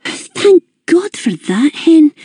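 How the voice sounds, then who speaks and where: A woman's voice: very high voice, sing-song, extremely slow, warm tone, dry recording, pitched above the performer's own voice, full character voice. A woman voicing a kindly older Scottish mother who frets and apologises. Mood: relieved.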